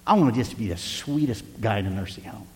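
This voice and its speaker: An older man preaching a folksy sermon as pastor, rising to loud emphasis and dropping to quiet asides. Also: on the low side, expressive, fast, long reverb tail, a little hiss or hum. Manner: folksy, varies loudness for emphasis, occasional chuckles.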